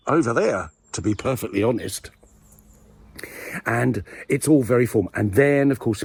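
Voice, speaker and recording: A man with a husky, slightly breathy voice rambles through a mock-serious monologue. His pitch rises and falls in a lively way as he slips in playful asides. He is talking to camera outdoors. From England. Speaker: video blogger host. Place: outdoors in a village graveyard.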